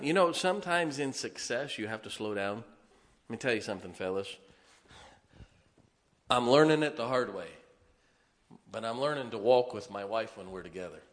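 A man in his forties preaching a folksy, humorous sermon, swinging between loud emphasis and soft asides. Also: mid-range voice. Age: 40s. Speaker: pastor.

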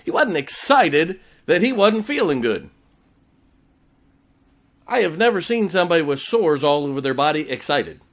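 Pastor, male, slightly high voice, punchy sermon delivery. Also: very animated, normal speed, long pauses. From West Virginia. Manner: emphatic preaching, voice rising and falling, repetitive for effect.

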